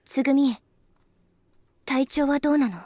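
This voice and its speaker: A high-voiced young heroine from a visual novel game, played by a woman, pressing hard with question after question. She talks fast and bright, and the recording is dry and close. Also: dry recording, lightly acted. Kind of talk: Japanese game voice acting.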